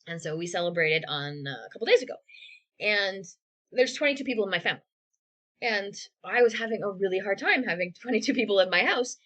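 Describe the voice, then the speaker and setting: A woman co-hosting a podcast from home over a video call. She sits at an ordinary middle pitch, and her talk is earnest and reflective, with a dry sarcastic streak. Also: lively intonation, brisk, a bit bright, muffled recording. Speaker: podcast co-host. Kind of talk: candid conversational podcast talk.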